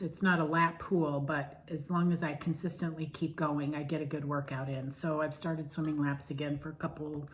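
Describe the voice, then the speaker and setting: Rambly woman chatting about her cross stitch, lowish voice, goes off on tangents. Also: slight background noise. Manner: chatty, digressive storyteller. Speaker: flosstube co-host. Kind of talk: casual stitching chat.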